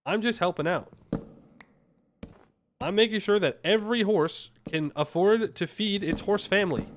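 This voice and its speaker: Playful male streamer with a lively voice. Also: sits high, a little hiss or hum. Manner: playful, joking with chat, mock-defensive. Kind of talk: casual live-stream commentary while playing.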